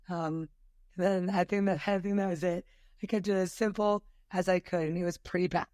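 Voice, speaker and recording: A woman studio owner talks as a guest in a casual interview, chatty and quick to poke fun at herself. The sound is dry and close. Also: fairly low pitch, steady tone, darkish tone, no room sound. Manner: chatty, self-deprecating.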